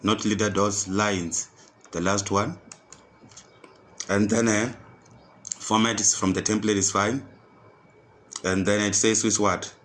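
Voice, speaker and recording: Male tutor, low voice, unhurried, repeats each click aloud, faint hiss behind. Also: fairly even intonation, a bit bright. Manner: repetitive step-by-step instructions, restating each step. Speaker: computer skills tutor. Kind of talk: screen-recorded software tutorial.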